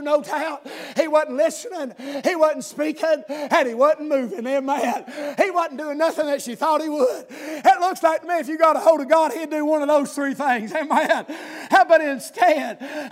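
A preacher with a strikingly high voice delivers a revival sermon. He rises into rhythmic, chanted shouts and sprinkles "amen" through every thought. Then he falls back to a low, confiding tone to draw the congregation in.

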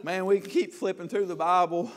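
A man preaching a sermon to his church, emphatic and often shouting, with folksy repeated asides. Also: high-pitched, brisk.

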